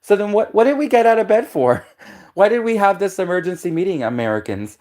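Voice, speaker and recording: A man voicing a male American official who laughs in disbelief, in a high, squealing voice. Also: little pitch movement, brisk, close to an everyday voice. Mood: mocking.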